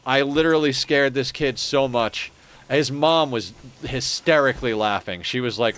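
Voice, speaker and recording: A man's voice: medium pitch, normal speed, a bit bright, a little hiss or hum. A man casually commenting on his game as he plays, chatting with viewers and thinking aloud. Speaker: streamer.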